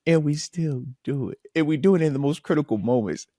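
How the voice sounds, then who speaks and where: A man hosting casual sports talk, animated and emphatic, repeating himself when he gets worked up. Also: fairly high pitch, brisk, dry recording, studio quality. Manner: animated, frustrated, emphatic repetition. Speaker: podcast host, former linebacker.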